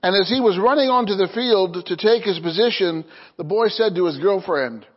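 A man's voice: high voice, normal speed, dull audio. A man preaching to his congregation as pastor, reading jokes with chuckles and asking "amen?" between points. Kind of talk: sermon.

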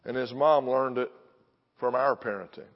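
An older man preaches a sermon in a church sanctuary, his medium-pitched voice fairly even in intonation and at a normal speed. He is punchy and confrontational, pressing the congregation with questions. The sound is dull with long hall reverb.

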